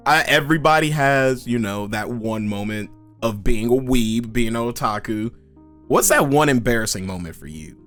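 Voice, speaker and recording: A man's voice: mid-range voice, expressive, moderate pace, fairly bright tone, soft background music. A man hosting a casual interview, laid-back, swearing freely and laughing often. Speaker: podcast host.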